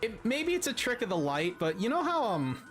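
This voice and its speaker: Male co-host, high and lively pitch, crude and mocking, heavy filler words. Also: a little fast, faint music behind. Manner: sarcastic, swears a lot, many fillers. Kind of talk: mocking reaction commentary.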